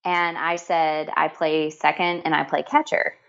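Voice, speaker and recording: A woman's voice: sits low, flat delivery, unhurried, gravelly, fairly bright tone, lo-fi sound. A middle-aged woman telling heartfelt stories in conversation, earnest and emotional, with many restarts and fillers. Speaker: guest. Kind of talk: storytelling in conversation.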